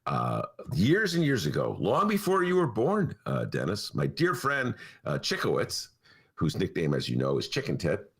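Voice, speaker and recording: A man with a gravelly, creaky voice hosts a casual political talk show. His pitch swings wildly as he rambles through stories and then bursts into loud, ranting asides. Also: wildly swooping pitch, normal speed. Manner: rambling storyteller who breaks into ranting, shouted asides.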